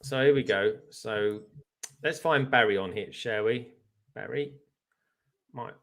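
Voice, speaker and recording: A man, a guest on a casual livestream, telling loose rambling anecdotes in a relaxed way. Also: on the low side, takes it slowly.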